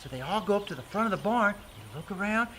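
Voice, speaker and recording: A man with a very high, lively voice tells a children's story and talks straight to the listening kids. Steady traffic noise comes from outdoors behind him. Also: fast talker, rough recording. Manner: animated, addresses kids directly.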